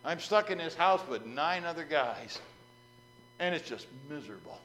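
A man's voice: fairly high pitch, expressive, moderate pace, a bit bright, a little hiss or hum, pitched above the performer's own voice. A man voicing a desperate fellow who pleads for help with his crowded home and later gushes with relief. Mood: exasperated. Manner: exasperated, then gushing with relief.

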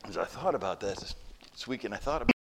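A man preaching a sermon and telling a story, moving between hushed, quiet lines and loud, emphatic ones. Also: lowish voice, quick pace, vocal fry, slight background noise. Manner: animated, swings from hushed to loud. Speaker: pastor.

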